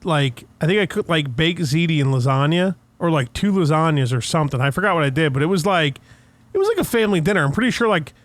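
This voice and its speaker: A young man, co-hosting a podcast, telling swearing stories in casual chat and breaking into loud impressions of his dad. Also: on the high side, no echo. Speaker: podcast co-host.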